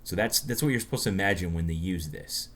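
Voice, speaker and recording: A man from the United States with a very low voice, co-hosting a relaxed podcast chat. He tells stories in a loose, chatty way, often stopping and restarting his sentences. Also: fast talker. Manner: chatty storyteller, many restarts. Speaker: podcast co-host. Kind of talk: casual chat.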